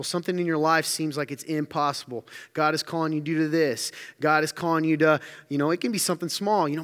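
Higher-voiced preacher in a reverberant hall. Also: male voice, moderate pace. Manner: energetic, joking, conversational preaching. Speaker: pastor. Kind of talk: sermon.

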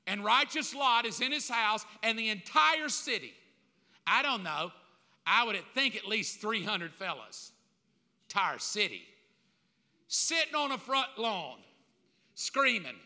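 A man's voice: high-pitched, big pitch swings, unhurried, pauses often, sharp tone. A middle-aged man preaching a sermon, telling the story with humor and acting out the voices of a crowd. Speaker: pastor. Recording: long reverb of a large hall.

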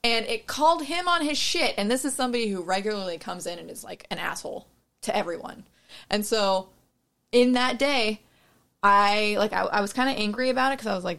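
A woman's voice: mid-range voice, moderate pace, gravelly, fairly bright tone. A young woman, a barista, chatting frankly and swearing freely as she tells a story. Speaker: barista, podcast co-host. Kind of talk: casual chat, storytelling.

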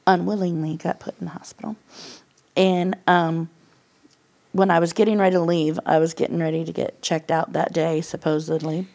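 A woman's voice: on the low side, flat delivery, moderate pace, creaky, a little mellow. A middle-aged woman as a podcast guest, telling her personal testimony in a candid, casual way, laughing often and acting out what people said. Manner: candid storyteller, laughs often, acts out quoted lines.

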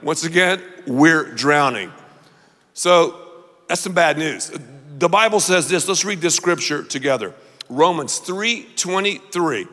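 A man preaching a sermon, leading the congregation to repeat lines back to him in an animated way. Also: on the high side, measured pace, pauses often, big-room sound. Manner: animated, call-and-response with congregation. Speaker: pastor.

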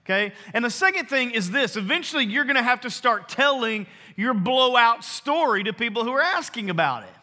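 A man preaching a sermon to his congregation, earnest and emphatic, slowing down to stress key phrases. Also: very high-pitched, lively intonation, bright, forceful tone. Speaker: pastor. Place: church sanctuary. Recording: long hall reverb.

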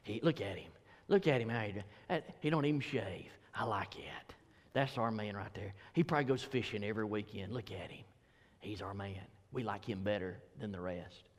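A hushed, admiring male church gossip , as a preacher puts him on, muttering low and close about his favorite apostle. His voice drops well below the preacher's usual pitch and hangs in a long, ringing reverb. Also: brisk, lightly acted. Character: gossiping male church member who adores Paul.

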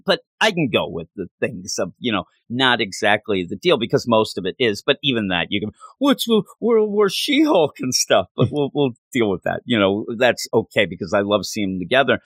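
A man's voice: medium pitch, sing-song, normal speed, few pauses, a bit bright, no room sound. A man co-hosting a casual chat, talking with enthusiastic rambling and acting out lines from the story. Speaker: comic book podcast co-host.

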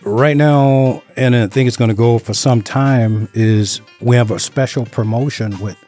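Man guest on radio, mellow warm tone, calm steady pitch, faint music behind. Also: measured pace. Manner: calm, deep, steady sales talk. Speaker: solar sales professional guest. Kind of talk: radio interview.

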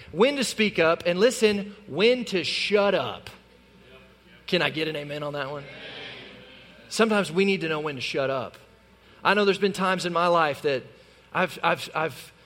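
A male pastor preaching an animated sermon in a church, acting out the lines he quotes. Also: high-pitched. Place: church sanctuary. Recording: long reverb of a large hall.

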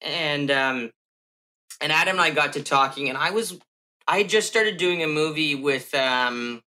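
A man's voice: on the high side, measured pace, sharp tone, poor audio. A man hosting a podcast, chatting casually and recalling his own anecdotes. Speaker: podcast host. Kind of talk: casual interview chat.

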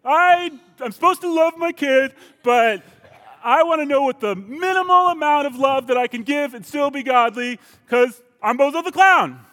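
Man doing a clown voice, shrill and high, whiny, bare-minimum asker, long hall echo. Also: lively intonation, normal speed, sharp tone, heavily acted. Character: male clown, a lazy dad, kid, Christian doing the bare minimum.

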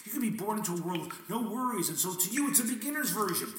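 A man with a high, bright voice that swings widely, performing a theatrical monologue aimed at God. He shifts between wry questions and blunt curses. The sound is roomy and distant, with faint noise underneath. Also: very animated, quick pace. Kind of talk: dramatic spoken monologue addressed to God. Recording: echoey room, mic at a distance, faint noise.

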